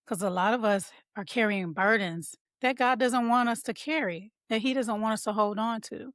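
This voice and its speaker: A woman's voice: on the high side, normal speed, no echo, studio quality. A woman hosting a motivational podcast for moms, talking casually and calling her listeners y'all. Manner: warm conversational, addresses listeners as y'all. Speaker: podcast host and mom coach.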